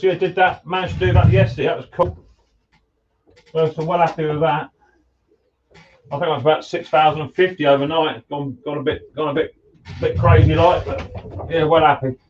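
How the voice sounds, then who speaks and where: A man in his workshop talks easily to his live-stream viewers, calling them mate and buddy as he works. His voice sits a touch high. He is heard from a little way off through a dull, muffled mic. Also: fairly even intonation, normal speed, recorded from a distance, a little hiss or hum. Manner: chatty, greets viewers by name, calls them mate and buddy. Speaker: live-stream host, mower repairer. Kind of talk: casual live-stream chat while working. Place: home workshop.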